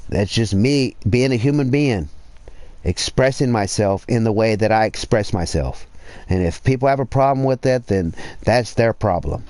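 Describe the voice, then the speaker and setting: A man's voice: on the low side, normal speed, dry recording. Profane man ranting on a livestream. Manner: profane, rambling, rising to loud emphasis. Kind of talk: casual livestream rant.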